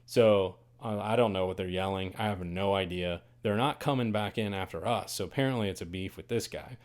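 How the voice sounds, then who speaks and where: A man hosting a podcast, telling a story in a casual, animated and dramatic way. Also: sits low, brisk. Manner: animated, dramatic, swings to loud bursts on quoted lines. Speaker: podcast host. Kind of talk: casual first-person storytelling.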